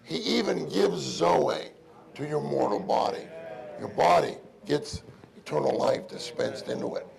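A man giving an informal, earnest sermon at a meeting, crying out loudly when he calls on the Lord. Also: on the high side, animated, measured pace, vocal fry. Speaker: preacher at a church meeting.

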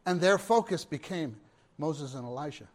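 Dramatic preacher man, hushed to booming. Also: animated, moderate pace. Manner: swings from hushed murmurs to loud exclamations; repeats phrases and asks the listeners questions. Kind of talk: sermon.

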